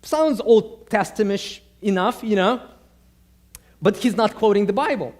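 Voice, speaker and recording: A male pastor preaches in a relaxed, conversational manner, often circling back and restarting his phrases as he tells stories. His voice sits notably high for a man. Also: measured pace. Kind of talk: sermon.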